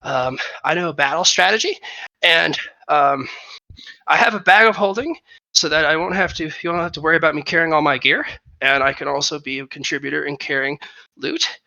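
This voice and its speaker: A game master voicing a small, earnest young male fighter who pitches himself eagerly with lots of fillers. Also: a little fast, creaky, bright, forceful tone, dry recording, rough recording. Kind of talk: tabletop role-play voice.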